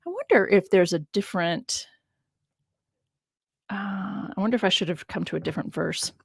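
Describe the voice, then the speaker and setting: A woman scholar teaching on a casual livestream, thinking out loud and laughing often as she goes. Her voice sits at a middle pitch, and it is recorded close and dry with no room sound. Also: normal speed, gravelly, husky, no echo. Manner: musing aloud, laughing often, stresses words. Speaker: biblical scholar hosting a livestream.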